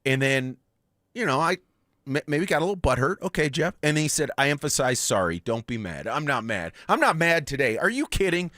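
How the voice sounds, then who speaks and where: A man hosting a sports radio show in a studio, chatting excitedly and reading out listener texts. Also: on the high side, brisk, no echo. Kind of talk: casual sports radio chat. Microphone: studio microphone.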